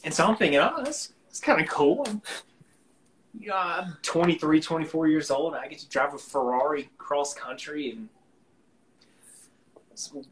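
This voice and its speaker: A man with a soft Alabama drawl tells a casual story on a live stream. He is relaxed and rambling, with plenty of ums and restarts. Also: a little high, moderate pace, pauses often, slight background noise, poor audio. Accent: Alabama Southern US. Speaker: guest musician.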